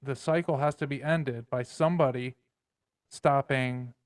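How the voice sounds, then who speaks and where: A man hosting a podcast, talking in a reflective, measured way. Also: medium pitch, steady tone, no echo, clean studio sound. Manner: reflective, measured, uses plain sayings. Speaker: podcast host. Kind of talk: casual conversation.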